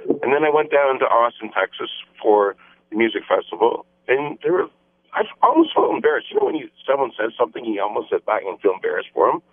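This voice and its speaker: Male mayor phoning in, emphatic, repetitive, thin phone-line sound, mid-pitched. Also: big pitch swings, quick pace, husky. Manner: emphatic, repetitive campaign talking points. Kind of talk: radio phone interview. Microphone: telephone.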